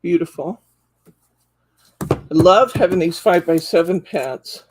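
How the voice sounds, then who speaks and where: A woman's voice: on the low side, unhurried, a little mellow, a little hiss or hum. A woman hosting a live craft store show-and-tell, enthusiastically describing card stock packs and counting sheets aloud as she flips through them. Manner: enthusiastic, gushing over products.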